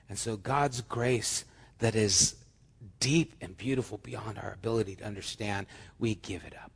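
A male pastor preaching a sermon, animated, swinging between loud emphasis and soft, hushed lines. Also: medium pitch, a little slow, vocal fry, slightly rough, big-room sound.

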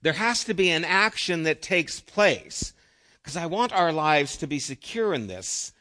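A middle-aged pastor preaches in an earnest, conversational way, posing questions to the room and letting phrases trail off softly. His fairly high voice has a sing-song lilt and a measured pace.

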